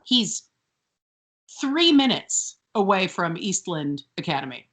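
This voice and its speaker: A woman co-hosting a casual TV recap podcast, animated and sweary, often mimicking characters. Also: lowish voice, slow pace. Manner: animated, sweary, mocking voices. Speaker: podcast co-host.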